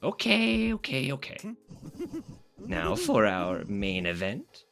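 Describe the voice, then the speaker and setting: A man voicing an excitable, flamboyant male game-show host with showman's patter that leaps into falsetto. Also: slow pace, vocal fry, faint music behind, exaggerated voice. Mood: showy.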